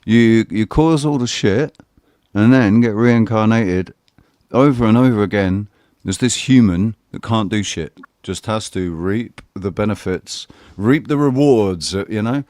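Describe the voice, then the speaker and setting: A man's voice: on the low side, unhurried, a little mellow, dry recording, studio quality. A man in casual live panel chat, rambling and self-questioning with lots of swearing. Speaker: livestream panelist.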